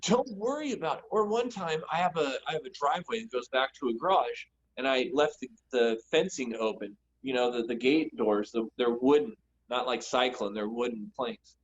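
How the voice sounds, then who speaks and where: A man co-hosting a casual podcast from home, telling animated, exasperated stories while yard work goes on outside. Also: mid-range voice, moderate pace, few pauses, muffled recording, slight background noise. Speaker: podcast co-host. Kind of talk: casual chat. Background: lawn mowing and sprinkler work.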